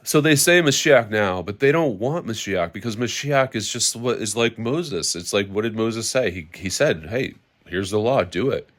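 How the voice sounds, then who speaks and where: A man with a fairly low voice preaches his testimony with fervor. He drives his points home by repeating key phrases, and his tone stays emphatic and insistent. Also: expressive, normal speed, fairly bright tone. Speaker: religious teacher sharing his testimony. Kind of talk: impassioned spoken testimony.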